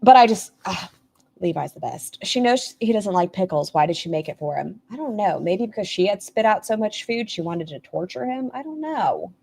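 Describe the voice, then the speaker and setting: A woman's voice: mid-range voice, very animated, moderate pace, gravelly, a little mellow, slightly rough. A woman hosting a casual commentary stream, making snarky, sarcastic remarks.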